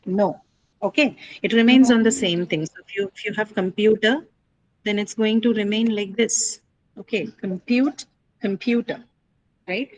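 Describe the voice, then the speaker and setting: A woman's voice: mid-range voice, fairly even intonation, normal speed, slight background noise, poor audio. A woman teaching English word stress in a classroom lecture, explaining patiently, asking students questions and often checking with "right?".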